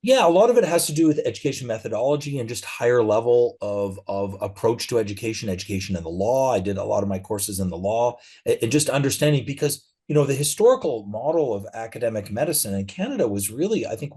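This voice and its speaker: A middle-aged man appears as a guest in a conversational interview, relaxed as he tells stories peppered with fillers. His voice is husky and fairly low.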